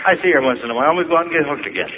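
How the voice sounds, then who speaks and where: An older man from Ohio telling reflective, wry stories about his youth, with gentle pauses and humor. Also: a little high, lively intonation. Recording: tinny phone-like audio with noise.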